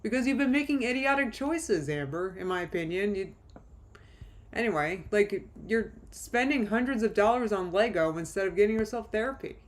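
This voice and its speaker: A woman's voice: mid-range voice, expressive, normal speed. A woman streamer talks through drama on a live reaction stream, her voice in an ordinary middle register. She reads messages aloud, laughs often and throws in mocking asides.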